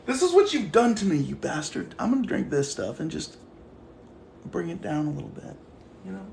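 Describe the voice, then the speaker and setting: Worked-up high-voiced man ranting on stream. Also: very animated, normal speed, vocal fry, a little mellow. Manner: agitated, profane, talks to chat. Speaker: livestreamer. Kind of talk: casual livestream rant. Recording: echoey room with faint noise.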